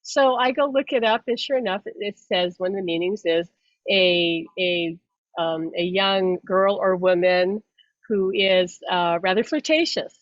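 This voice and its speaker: A woman's voice: mid-range voice, a little slow, no room sound. A woman host and psychic medium talking casually, rambling and restarting her sentences, breaking into laughter often. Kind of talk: casual explanatory chat. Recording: dull dry lo-fi sound.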